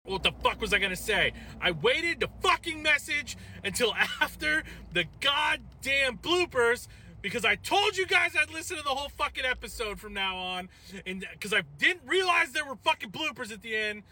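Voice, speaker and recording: A man's voice: extremely high pitch, big pitch swings, normal speed, pushed and bright. A man leaving a rambling, heavily profane voice message for a podcast while driving his car.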